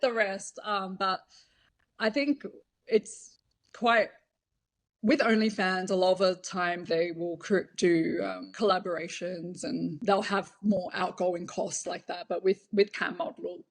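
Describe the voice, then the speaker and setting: A woman's voice: on the low side, fairly even intonation, takes it slowly. A woman guest in an interview, speaking frankly about her past work, with fillers and an occasional laugh. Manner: frank, laughs now and then, hesitant fillers. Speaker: interview guest, former cam model. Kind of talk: candid conversational storytelling.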